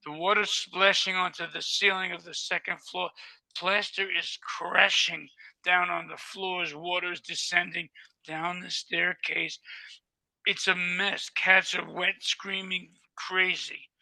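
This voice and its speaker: An older man telling animated stories as an interview guest, acting out the dialogue vividly. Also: high voice, a little slow, creaky, no room sound, rough recording. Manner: vivid storyteller who acts out dialogue. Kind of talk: animated storytelling.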